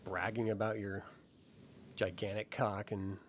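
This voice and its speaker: A man's voice: on the low side, level tone, a little slow. A man hosting a casual TV review chat, laughing often and swearing freely. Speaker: show host.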